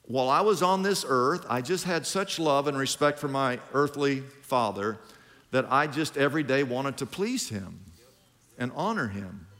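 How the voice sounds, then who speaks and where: A man's voice: mid-range voice, lively intonation, moderate pace, fairly bright tone. A middle-aged man preaching a sermon as pastor, drawing lines out and leading the congregation in call-and-response. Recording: long hall reverb.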